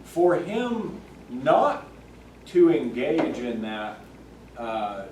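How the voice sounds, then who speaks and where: A man teaching a church Sunday school class, thoughtful and halting, with many fillers and restarts. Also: mid-range voice, sing-song, darkish tone, slight background noise. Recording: echoey room, mic far off.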